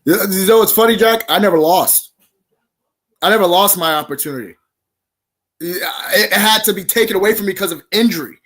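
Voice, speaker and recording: A professional wrestler cuts a heated, in-character promo, shouting accusations in a high voice at a slightly fast pace.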